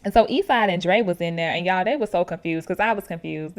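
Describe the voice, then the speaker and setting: A woman's voice: medium pitch, lively intonation, brisk, hardly any pauses. A woman hosting a podcast, chatting casually and animatedly with slang and frequent laughs. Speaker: podcast host recapping a reality show. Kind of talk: casual chat.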